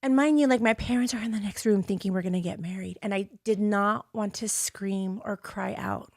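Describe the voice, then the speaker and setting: This podcast host is a woman whose mid-range voice has a darkish tone and moves at a normal speed, captured at studio quality with no room sound. Candid and deeply emotional, she recounts a painful story from her own life, cursing liberally and voicing the quoted lines in different voices.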